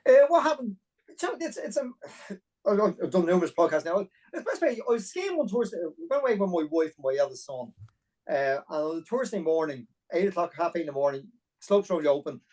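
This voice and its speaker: Lively, fast-talking Irish man. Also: sits high, rough recording. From Ireland. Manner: animated, fast-paced anecdotal storytelling. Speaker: podcast guest. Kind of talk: storytelling interview.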